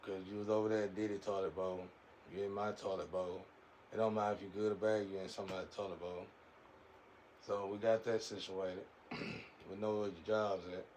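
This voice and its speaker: A man's voice: lowish voice, level tone, a little fast, a little mellow, a little hiss or hum, poor audio. A man giving a rambling, preachy spiritual monologue in a casual way, often repeating his words.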